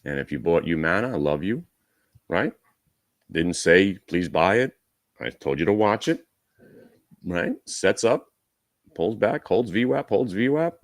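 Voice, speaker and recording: Deep-voiced man coaching live trades. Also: lively intonation, dry recording. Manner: brisk and coaching, talks to viewers directly; wry asides. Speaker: day trading host. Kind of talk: live trading room commentary.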